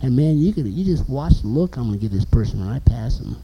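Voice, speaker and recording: A man preaching an informal sermon, animated and emphatic, asking the listeners questions. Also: mid-range voice, fast, a little hiss or hum, rough recording.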